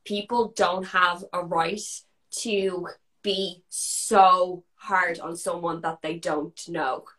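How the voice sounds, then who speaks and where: A woman's voice: on the low side, steady tone, slow, fairly bright tone. Earnest woman hosting a podcast interview. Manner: earnest and supportive, reads listener questions. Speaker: podcast host. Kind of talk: interview chat.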